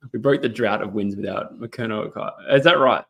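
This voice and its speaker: His voice is fairly low, gravelly, and fairly bright: a young Australian man hosting a relaxed footy livestream indoors at his laptop. Between calling the match and talking to viewers, he rambles, drops frequent ums, and reads chat aloud.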